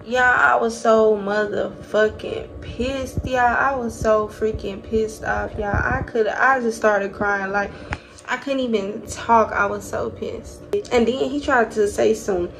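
A woman's voice: a little high, takes it slowly, creaky. A young woman telling a story to her viewers in a casual vlog, talking animatedly and cussing. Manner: animated, profane, addresses viewers as y'all. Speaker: vlogger. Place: hotel room. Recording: noisy phone recording.

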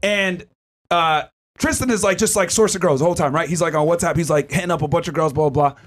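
Hoarse, excitable high-voiced man. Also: quick pace. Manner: animated, excitable, swears freely. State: hoarse from cigars. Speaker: podcast host. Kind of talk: casual storytelling.

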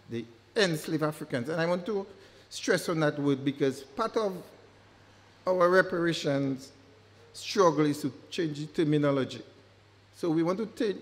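A man delivers a public lecture in a fairly high voice. He speaks emphatically and leans on repeated words to drive his points home. His voice carries a long reverb, as if it were recorded in a large hall.

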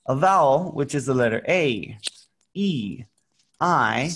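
A man gives an English lesson to young learners over a video call. He talks at a very unhurried pace, spelling out sounds with patience. Now and then he breaks into playful sound effects. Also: medium pitch, lively intonation, fairly bright tone, husky. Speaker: English teacher. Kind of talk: online English lesson for children.

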